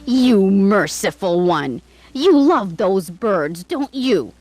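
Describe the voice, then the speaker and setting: A woman's voice: on the low side, lively intonation, measured pace, rough recording. Woman playing a cruel spoiled young princess. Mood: imperious. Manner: stern and commanding.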